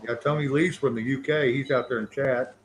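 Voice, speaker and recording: A man's voice: mid-range voice, steady tone, a little fast, a little hiss or hum, poor audio. Rambling male livestream host. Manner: rambling, friendly and welcoming to guests. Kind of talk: casual chat.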